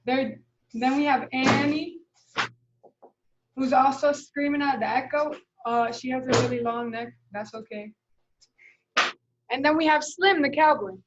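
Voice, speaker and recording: Woman, kindergarten teacher, high voice, slow patient delivery, sounds out letters. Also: highs cut off, background noise. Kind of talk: live online lesson, modeling writing.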